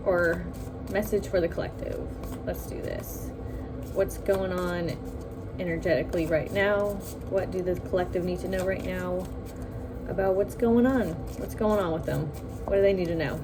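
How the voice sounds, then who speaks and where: A woman's voice: on the low side, noisy background. A woman doing a tarot reading for her viewers, chatty and musing, often breaking into giggles. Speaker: tarot reader.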